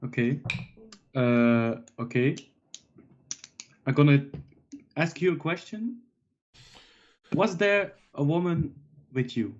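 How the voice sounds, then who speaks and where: A player questions someone in character at a tabletop game, speaking slowly and laughing between lines. The voice sits in a middle pitch and comes through a dull, lo-fi microphone. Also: darkish tone. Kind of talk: in-character tabletop role-play.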